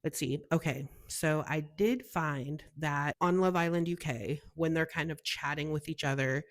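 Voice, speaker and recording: A young woman from the US talks in a casual, gushing way on her own show. Her voice sits low for a woman, and she sounds bubbly and chatty throughout. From United States. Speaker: podcast host. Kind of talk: casual solo chat.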